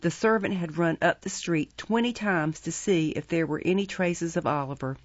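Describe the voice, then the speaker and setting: A woman narrating a classic novel as an audiobook in a measured, steady storytelling manner. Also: fairly low pitch, no echo. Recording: dry, dull muffled audio.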